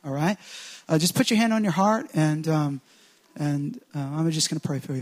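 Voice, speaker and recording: A man's voice: fairly high pitch, lively intonation, moderate pace. A man preaching to a congregation, calling people to stand and praying over them in an exhorting tone. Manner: exhorting, repetitive restarts building in intensity. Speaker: preacher leading a church service. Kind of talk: sermon with altar call and prayer.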